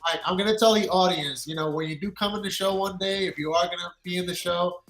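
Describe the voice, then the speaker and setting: A man in his thirties from the Dominican Republic with a New York accent, talking loudly and eagerly as a guest. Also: high-pitched, fairly even intonation, quick pace. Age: 30s. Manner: enthusiastic, loud. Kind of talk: casual live-stream chat.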